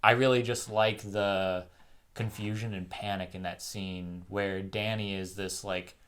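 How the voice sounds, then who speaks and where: A young man co-hosting a casual film review, retelling the plot in an animated way with lots of fillers and laughter. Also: fairly low pitch, unhurried.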